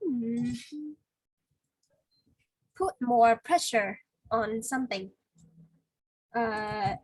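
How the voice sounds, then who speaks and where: A woman teaching an English vocabulary lesson one-on-one, explaining patiently and filling pauses with "like" and "uh". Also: fairly high pitch, slightly rough, no room sound, rough recording. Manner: patient explaining with many fillers.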